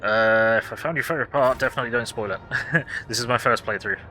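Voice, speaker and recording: A man's voice: mid-range voice, quick pace, bright, forceful tone. A man hosting a let's play, reading game text aloud and commenting in a casual, sardonic way with frequent swearing. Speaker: gaming host. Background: game music.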